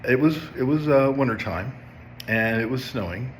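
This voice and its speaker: A man's voice: mid-range voice, expressive, moderate pace, slight background noise. A man in his fifties, a substance abuse counselor, telling a personal story to viewers in a conversational way, often checking in with "okay?". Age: 50s.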